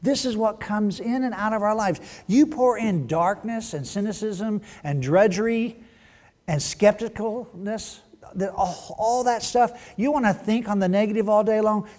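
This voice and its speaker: A man preaching a sermon in a church, joking and teasing, then dropping to a hushed voice. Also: sits high. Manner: playful, teasing, swings from loud to hushed. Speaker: pastor. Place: church sanctuary.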